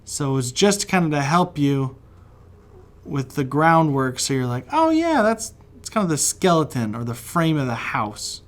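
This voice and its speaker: A West Virginia man talks kids through a drawing while sketching, using a mid-range voice at a moderate pace. He's friendly, chatty and encouraging, with frequent laughter.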